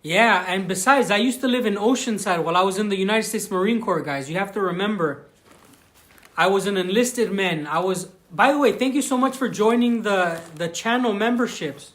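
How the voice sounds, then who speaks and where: A man's voice: sits high, normal speed, a bit bright. A young man from Southern California with a Southern Californian accent, chatting casually on a livestream and thanking viewers as he goes. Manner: chatty, thanks viewers, frequent restarts and fillers. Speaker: livestream vlogger. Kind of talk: casual live-stream chat. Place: outdoors on a rural plot.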